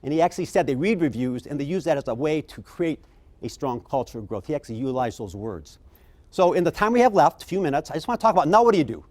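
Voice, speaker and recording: A middle-aged man speaks to a conference audience, his voice a touch higher than most men's. He tells stories in a lively way and jumps his pitch up when he acts out the people in them. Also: fast. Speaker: keynote speaker. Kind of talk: conference keynote storytelling.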